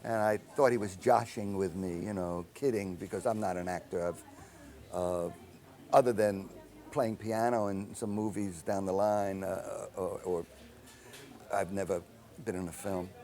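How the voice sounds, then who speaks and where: An older man and composer telling anecdotes in an interview, animated and acting out the dialogue he quotes. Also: low voice, a little slow. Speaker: film composer.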